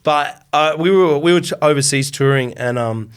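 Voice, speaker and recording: A man's voice: a little high, moderate pace, smooth. An Australian man, a touring musician guest, telling rambling stories casually, swearing and laughing. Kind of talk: casual storytelling chat.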